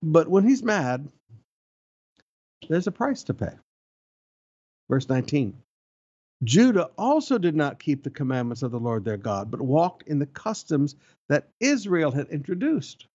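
A man's voice: on the high side, sing-song, a little slow, pauses often, a little mellow, breathy edge. A middle-aged male pastor, preaching an emphatic sermon full of rhetorical questions. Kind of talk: expository sermon. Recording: dull lo-fi sound.

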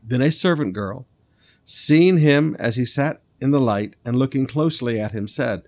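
A man, a pastor reading scripture and preaching in a conversational way, with lively asides and soft, earnest appeals. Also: medium pitch, normal speed.

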